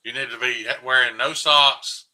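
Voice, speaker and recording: A man, a podcast guest joking in casual chat with deadpan irony. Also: medium pitch, moderate pace, poor audio.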